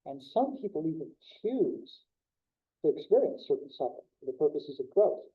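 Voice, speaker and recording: Earnest male speaker, fairly high voice, explains with rhetorical questions; thin phone-line sound. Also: very animated, normal speed, breathy edge. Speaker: speaker on near-death experiences. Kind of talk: conversational talk.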